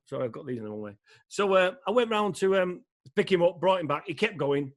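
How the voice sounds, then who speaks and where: A man co-hosting a podcast, telling stories in casual chat, animated and laughing, swearing freely. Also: high voice, quick pace. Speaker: podcast co-host.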